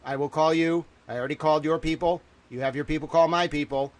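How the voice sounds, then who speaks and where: Talking fast in a fairly high, steady voice, a man in his thirties runs a livestream and delivers an agitated monologue to viewers. He's panicked, swearing, exclaiming and repeating himself.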